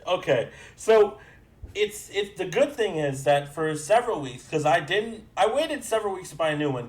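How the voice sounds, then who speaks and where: Rambling young man telling a story. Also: on the high side. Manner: rambling storytelling, swearing, acting out both sides of conversations. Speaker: podcast co-host. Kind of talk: casual chat.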